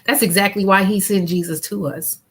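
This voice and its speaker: A woman's voice: medium pitch, steady tone, brisk, breathy edge. A woman in her fifties hosting a faith-based interview from home over a video call. She speaks earnestly as a grief counselor and repeats key lines like rhetorical preaching. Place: at home with family around.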